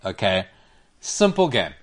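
A man's voice: fairly low pitch, slow pace. A man hosting a sports podcast in a studio, chatting casually and laughing often while he tells stories and explains a game. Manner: animated, laughs often, storytelling. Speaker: podcast host. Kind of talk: casual chat. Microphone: studio microphone.

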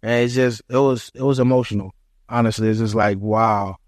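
A young man, a former football player, telling lively stories in an interview and acting out what family and fans said. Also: lowish voice, a little fast, no room sound, studio quality. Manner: animated, acts out quotes of family and fans. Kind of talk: storytelling interview.

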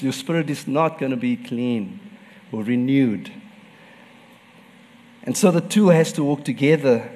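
A man's voice: medium pitch, a little mellow, long reverb tail. A man preaching a sermon as pastor, telling personal stories and laughing often.

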